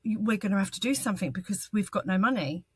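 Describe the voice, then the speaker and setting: A woman, telling her own story as an interview guest in a halting, earnest way, with frequent ums and restarts. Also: medium pitch, lively intonation, slightly rough, no echo. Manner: earnest and candid. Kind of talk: personal testimony in an interview.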